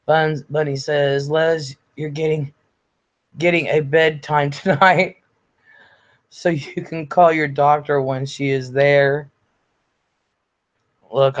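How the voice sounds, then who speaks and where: An older man hosting a casual livestream from home, reading viewer comments aloud in a chatty, blunt way, swearing freely and sounding a bit congested from illness. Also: a little high. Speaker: livestream host. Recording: slightly dull lo-fi audio.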